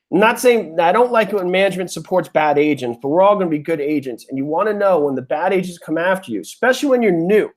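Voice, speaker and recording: A man from New York hosts a live webinar, speaking into a desk mic in a slightly high voice. He is chatty and emotional and keeps calling his viewers "you guys". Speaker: webinar host.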